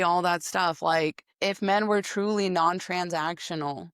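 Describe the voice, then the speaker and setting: A woman's voice: on the low side, steady tone, measured pace, few pauses, clean tone, no room sound, studio quality. A young woman giving casual opinion commentary and answering comments, sarcastic and blunt, swearing freely.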